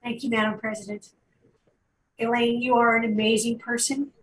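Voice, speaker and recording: A woman's voice: on the high side, flat delivery, normal speed. Earnest woman councilor in an echoey room. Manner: earnest, heartfelt. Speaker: city councilor. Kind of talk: tribute at a council meeting. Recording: echoey audio from far off the mic, faint noise.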